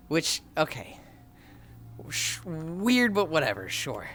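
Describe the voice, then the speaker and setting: Tired from a long treadmill walk, a streamer chats casually on a live stream, reading out viewer comments and responding. The medium-pitched, fairly bright voice is expressive and unhurried, broken up by long pauses and many exasperated sighs.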